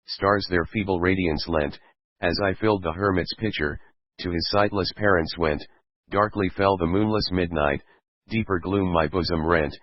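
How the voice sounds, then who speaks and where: Man reading rhyming verse for an audiobook, really deep voice, kinda muffled. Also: no echo. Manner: steady, measured recitation of rhyming verse. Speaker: audiobook reader. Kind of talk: scripted narration of verse. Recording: dull lo-fi dry recording.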